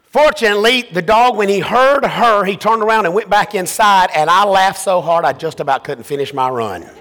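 Man preaching, very high bright voice, long hall reverb, impassioned, repeats phrases. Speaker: pastor. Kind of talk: preached sermon.

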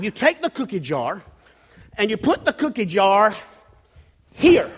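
A man with a very high voice preaches a sermon from the pulpit, his words trailing off in a long hall reverb. He gropes for words with restarts, then builds into louder emphatic bursts. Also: sing-song, unhurried, breathy edge. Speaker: pastor. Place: church sanctuary.

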